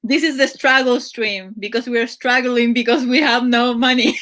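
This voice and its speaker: A woman's voice: on the high side, steady tone, measured pace, fairly bright tone. A woman hosting a livestream in casual chat, giggling often and restarting her sentences, speaking English as a second language. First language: not English. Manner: chatty, giggly, many fillers and restarts. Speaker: livestream host. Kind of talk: casual live-stream chat.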